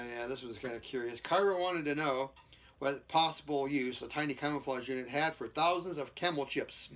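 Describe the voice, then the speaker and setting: A man's voice: medium pitch, sharp tone. A man reading a book aloud, stumbling and restarting and dropping jokey asides between passages. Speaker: reader.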